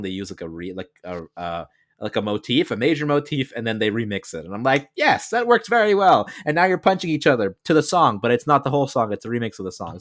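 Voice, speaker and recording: A man co-hosting a podcast in casual chat, rambling with lots of filler words as he reviews an anime. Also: lowish voice. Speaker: podcast co-host.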